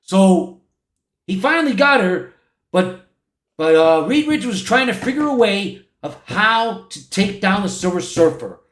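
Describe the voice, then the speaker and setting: High-voiced guy rambling through a movie plot, echoey room. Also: sing-song, measured pace, a bit bright. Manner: rambling, with restarts. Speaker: movie reviewer. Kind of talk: casual plot recap.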